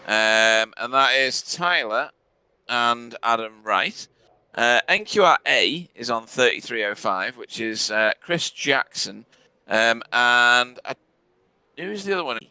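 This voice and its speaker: A man's voice: mid-range voice, expressive, slow pace, pushed and bright, clean tone, no echo. Chatty man commentating sim racing. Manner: chatty, laughs often, stumbles over names. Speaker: race commentator.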